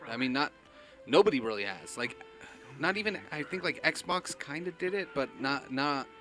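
A man's voice: a little high, expressive, normal speed, pushed and bright, soft background music. A man co-hosting a casual gaming stream, chatty and opinionated, swearing casually. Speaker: stream co-host.

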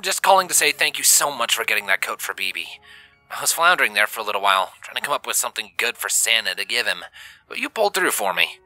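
A man voicing a caring young human father who talks gently and jokes warmly. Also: lowish voice, sing-song, quick pace, no echo, faint music behind, full character voice, rough recording. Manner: gentle, joking and warm. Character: warm caring young adult human dad.

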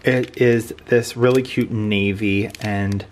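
A man's voice: fairly low pitch, steady tone, slow, background noise. A man hosting a casual holiday vlog, upbeat and chatty as he opens advent calendars. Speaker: vlogger.

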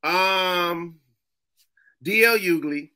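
A man from Massachusetts, a comedian guest in casual chat, telling animated stories and acting out other people's voices. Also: sits high, extremely slow, smooth.

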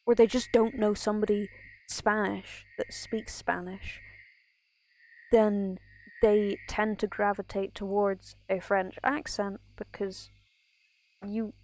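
A woman's voice: mid-range voice, warm tone. A woman from Ireland streaming a game, chatting casually in a rambling way full of asides. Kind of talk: casual chat while gaming.

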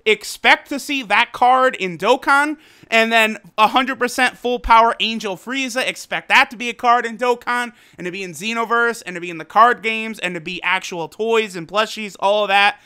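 Excitable, profane male anime reviewer. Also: high voice, smooth. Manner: excitable, profane, laughing, fast recaps. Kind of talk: casual video review.

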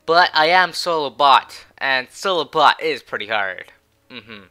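A man commentating his own match, swearing and swinging from low muttering to shouted taunts. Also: lively intonation, unhurried, smooth. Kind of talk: raging gameplay commentary.

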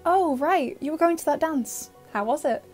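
Woman reading teenage boy hero, earnest, tender, pleading, fairly high voice, audio fan fiction. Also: animated, normal speed, darkish tone, soft background music.

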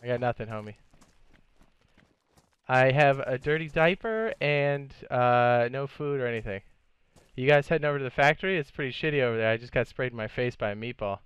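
Man streaming a game, smooth resonant voice, excitable, swears a lot, laughs often. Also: medium pitch, brisk, dry recording, lo-fi sound. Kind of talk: live gameplay commentary.

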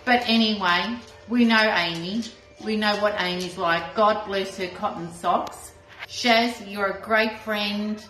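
A woman's voice: medium pitch, a little slow, fairly bright tone, reverberant, faint music behind, low-quality recording. A woman, chatting and joking in a casual birthday video message. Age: 50s. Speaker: friend sending a birthday message.

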